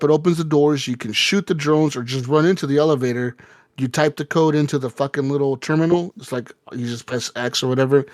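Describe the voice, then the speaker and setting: A man co-hosting a gaming podcast, telling a rambling, profane story in casual chat and acting out quotes with sudden jumps in pitch. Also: a little mellow, no echo, studio quality. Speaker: podcast co-host.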